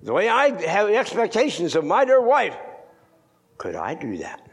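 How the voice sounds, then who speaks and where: An older man preaching in a church, moving between loud emphatic lines and hushed near-whispers. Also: high-pitched, huge pitch swings, moderate pace, husky. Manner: old-fashioned scripture reading, repeats words for stress. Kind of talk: sermon.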